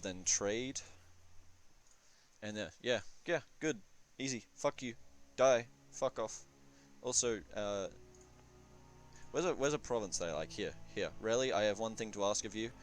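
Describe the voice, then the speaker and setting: A man swearing and chatting excitably while explaining a multiplayer strategy game, sometimes chanting. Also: on the low side, moderate pace, soft background music. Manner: profane, excitable, chanting at times. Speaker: gamer in multiplayer session. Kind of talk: casual gameplay commentary.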